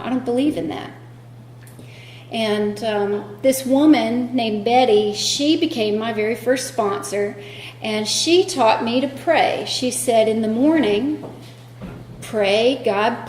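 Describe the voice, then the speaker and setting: A woman shares her recovery story at a meeting, candid and self-deprecating as she acts out what others said. Her voice sits a little high. The sound carries the echo of a roomy hall with a faint hum underneath. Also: a little slow, darkish tone. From North Carolina. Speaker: AA speaker. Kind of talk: personal recovery talk.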